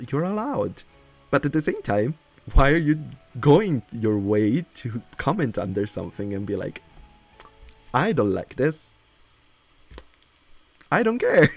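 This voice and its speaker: A man's voice: on the low side, darkish tone, slightly rough, no room sound. A man who is not a native English speaker chats casually as a streamer while building in a game, laughing often and reading chat aloud.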